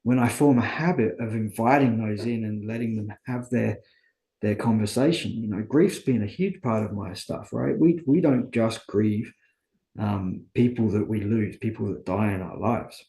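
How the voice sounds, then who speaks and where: A man's voice: fairly low pitch, normal speed, gravelly, mellow, roomy sound. A man as an interview guest, talking candidly and earnestly about his own life, often asking and answering his own questions. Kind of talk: candid conversational storytelling.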